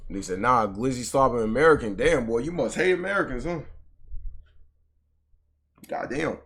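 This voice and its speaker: A man's voice: mid-range voice, moderate pace, fairly bright tone. A young man streaming live, bantering with his chat in a slangy, profane, casual way.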